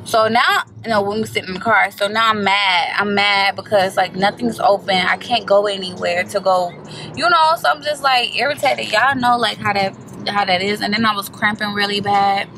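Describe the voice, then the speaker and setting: A woman's voice: medium pitch, normal speed, noisy background. Chatty woman vlogging from a car. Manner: animated, chatty, swears, keeps addressing viewers as y'all. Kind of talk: casual storytelling to camera. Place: inside a parked car.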